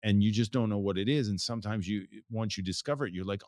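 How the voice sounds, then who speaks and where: Low-voiced man talking in loose, restarting sentences. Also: animated, brisk, darkish tone, no echo, studio quality. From United States. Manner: rambling, with many restarts and fillers. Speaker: photographer, guest. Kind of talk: casual interview talk.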